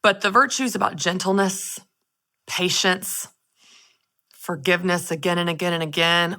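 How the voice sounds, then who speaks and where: A woman hosting her own show, giving a lively, expressive faith-based talk straight to her listeners. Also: on the low side, normal speed, pauses often. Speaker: podcast host. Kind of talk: casual faith-based monologue.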